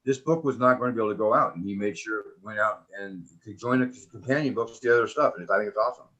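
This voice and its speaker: A man's voice: fairly low pitch, fast talker, a bit bright, highs cut off. A man co-hosting a casual podcast, teasing and wisecracking. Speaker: podcast co-host.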